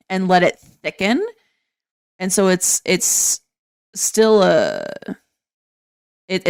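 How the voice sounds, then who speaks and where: A woman's voice: fairly low pitch, vocal fry, smooth. A woman, patiently explaining in casual chat as a podcast guest.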